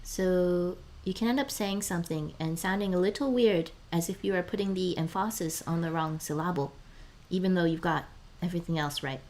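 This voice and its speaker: A woman streaming casually, sounding out words slowly, often dropping to a murmur or whisper and laughing between phrases. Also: fairly low pitch, darkish tone. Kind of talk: casual live-stream chat.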